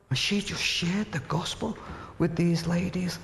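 A man preaching a sermon, earnest and emphatic, telling stories and dropping to a hush at tender moments. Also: high-pitched, measured pace, gravelly, few pauses, a little hiss or hum. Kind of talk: sermon with storytelling. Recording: reverberant hall.

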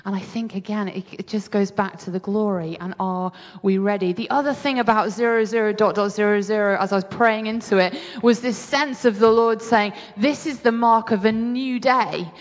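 A woman preaching, telling a personal story with animated acted-out reactions. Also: medium pitch, a little fast, hardly any pauses, big-room sound. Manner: animated storytelling, acts out her own reactions.

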